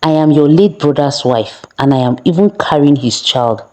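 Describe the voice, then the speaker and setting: A woman's voice: low voice, moderate pace, dark tone, natural voice. A woman voicing a young widowed maid, firm and pleading. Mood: indignant.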